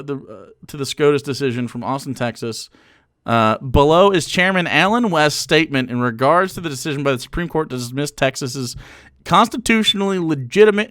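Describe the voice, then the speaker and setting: A man's voice: on the high side, a bit bright, smooth, no room sound, studio quality. A young man streaming casual political commentary, sarcastic and mocking, with frequent fillers and chuckles.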